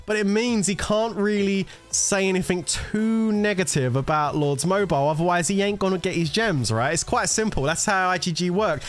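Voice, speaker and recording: A man's voice: sits high, normal speed, few pauses, soft background music. A man in a casual gaming rant, swearing, rambling and laughing as he talks to his viewers. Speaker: gaming content creator.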